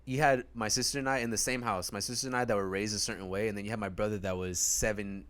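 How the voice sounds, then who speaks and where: A man co-hosting a podcast in casual chat, telling animated stories and acting out family members. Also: lowish voice, quick pace. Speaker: podcast co-host.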